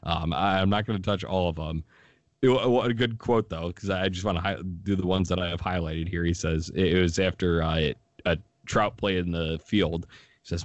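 A man hosting a casual sports talk show, animated and laughing as he recaps a broadcast. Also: low voice, moderate pace, no room sound. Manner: animated, laughing, quoting others in lively bursts. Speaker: sports podcast host.

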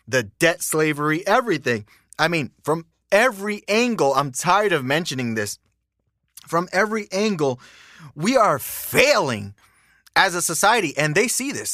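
A male podcast host rants in a casual monologue, emphatic, profane and repetitive. His voice is bright and fairly high, recorded close and dry. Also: no room sound.

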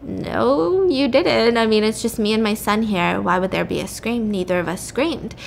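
A woman voicing a cold, menacing middle-aged father who curtly denies everything in a flat, chilly tone. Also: fairly high pitch, moderate pace, gravelly, a little hiss or hum. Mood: cold, dismissive. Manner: curt, dismissive denials.

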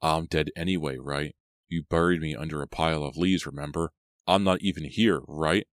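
An unstable young man mutters and rambles with quiet menace, as a deep-voiced audiobook narrator plays him. The voice sits very low and close. There is no room sound. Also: steady tone, normal speed, no echo. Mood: bitter.

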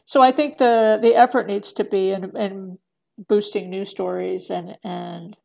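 Gravelly woman rambling through a podcast chat. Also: medium pitch, steady tone, a little slow, mellow. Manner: rambling with many fillers and restarts, laughing often. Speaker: guest. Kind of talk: casual podcast conversation.

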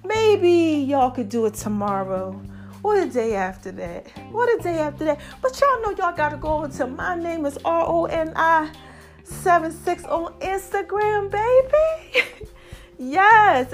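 Female podcast host, high voice, loose and chatty, frequent laughter, faint music bed under her. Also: moderate pace. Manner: chatty and animated, laughs often, calls listeners y'all and baby. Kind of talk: casual monologue to listeners.

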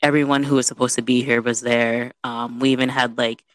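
Young adult woman, lively casual storyteller, dry untreated sound. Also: extremely low pitch, a little fast, dry recording. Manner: animated, chatty, peppered with "you know".

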